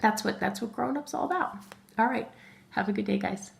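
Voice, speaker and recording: A woman's voice: fairly high pitch, brisk, vocal fry. A middle-aged woman teaching a phonics lesson to young children, talking to them directly and patiently spelling words out letter by letter. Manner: talks directly to children as guys.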